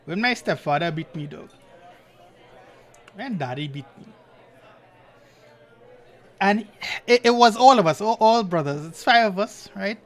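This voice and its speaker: Speaking at a measured pace with long pauses, this co-host has a high voice. He animatedly tells stories on the podcast and laughs frequently.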